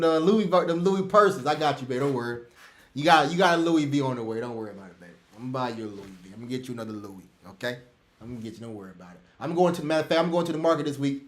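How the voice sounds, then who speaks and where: A man's voice: medium pitch, echoey room. A man teaching an online trading class on a live webinar, emphatic and repetitive, calling out to everybody. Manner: emphatic, rants loudly then drops to soft asides. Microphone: computer mic on a video call.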